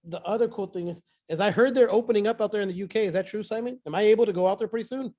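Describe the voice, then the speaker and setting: Excitable high-voiced man. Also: rapid-fire. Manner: excitable, repeats phrases for emphasis. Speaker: team leader sharing a success story. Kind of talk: casual motivational talk on a team call.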